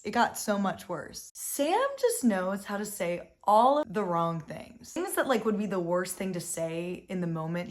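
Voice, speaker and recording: A young woman hosting a casual reality-show recap, animated and exasperated, full of "like" and swearing freely. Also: medium pitch. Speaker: recap host.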